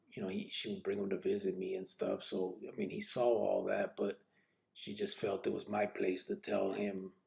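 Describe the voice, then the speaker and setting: A man with a deep, heavily gravelly voice tells his own story on a podcast. He rambles in a laid-back way, with slang, swearing and a steady "you know what I mean". The tone stays casual throughout. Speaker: podcast host.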